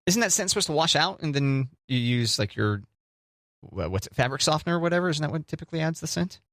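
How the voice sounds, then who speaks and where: A man co-hosting a casual podcast chat, joking around and telling animated little stories. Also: fairly high pitch, fast, no room sound, studio quality. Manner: playful, jokey, animated storytelling. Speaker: podcast co-host.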